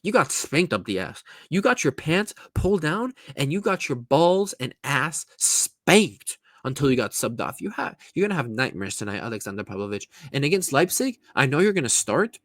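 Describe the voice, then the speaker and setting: A man's voice: medium pitch, big pitch swings, normal speed, few pauses, a bit bright, dry recording, studio quality. A man from California, ranting crudely and mockingly as a football reaction vlogger at home. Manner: profane, mocking, blunt.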